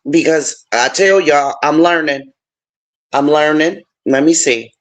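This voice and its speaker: A woman hosts a casual livestream chat, speaking at an unhurried pace. She is chatty and openly emotional, addressing her viewers as friends. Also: deep voice. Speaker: livestream host.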